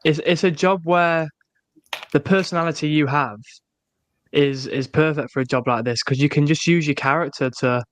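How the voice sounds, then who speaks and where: A man's voice: fairly high pitch, steady tone, moderate pace, dry recording. A young man co-hosting a casual podcast, encouraging his friend and restarting his phrases as he talks. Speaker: podcast co-host. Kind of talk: casual chat.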